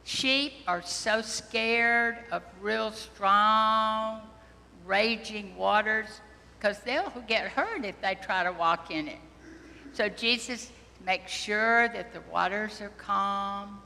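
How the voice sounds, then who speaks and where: A woman priest giving a children's sermon, talking slowly and gently and asking the children questions. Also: medium pitch, vocal fry. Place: church sanctuary. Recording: long church reverb.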